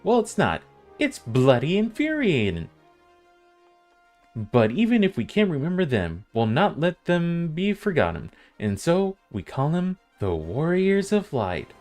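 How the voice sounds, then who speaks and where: A man voicing a wry, motherly female tavern owner and guild master, telling her tale in a slow, drawn-out way. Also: a little high, wildly swooping pitch, darkish tone, soft background music. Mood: storytelling. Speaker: streamer reading game dialogue aloud.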